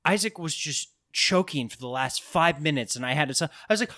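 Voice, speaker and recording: Animated bright-voiced man telling stories. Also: a little fast. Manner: animated storyteller, mimics voices with big pitch jumps. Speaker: friend telling a story. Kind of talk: casual chat.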